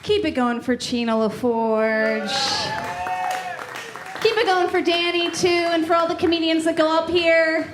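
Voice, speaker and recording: A woman's voice: very high-pitched, unhurried, background noise. A woman doing a sardonic, profane stand-up set, teasing the crowd. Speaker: stand-up comedian. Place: comedy club stage.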